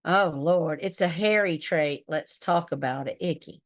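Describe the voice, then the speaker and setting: A woman's voice: deep voice, measured pace. Blunt, profane woman livestream host. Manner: blunt and profane, laughs often. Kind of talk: casual livestream chat reading viewer comments.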